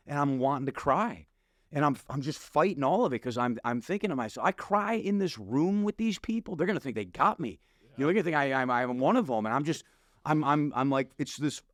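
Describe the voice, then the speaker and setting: A middle-aged man shares a personal testimony in relaxed, animated conversation, slipping into the voice of his younger self as he tells it. His voice sits at an ordinary pitch for a man. It is recorded close and dry, with no room around it. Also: dry recording. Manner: animated storytelling, acts out his past self with slang. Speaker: pastor and podcast guest. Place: podcast studio.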